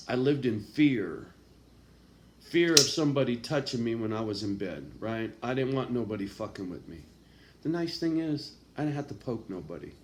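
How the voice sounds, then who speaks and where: A man in a raw, confessional monologue, swearing constantly and swinging from quiet, low talk to loud, angry outbursts. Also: slight background noise. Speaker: vlogger.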